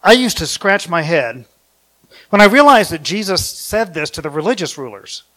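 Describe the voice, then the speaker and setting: A man's voice: sits high, sing-song, normal speed, bright, forceful tone. A man giving an informal sermon, rambling and correcting himself, chuckling now and then. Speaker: preacher.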